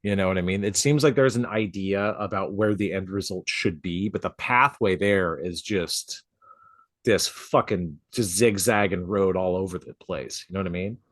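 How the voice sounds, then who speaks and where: Chatty low-voiced man, dry close sound. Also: normal speed, no echo. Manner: chatty, swears freely, laughs often. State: coughing from a drink gone down the wrong pipe. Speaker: podcast co-host and tattoo artist. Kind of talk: casual chat. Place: home studio, outside noise nearby.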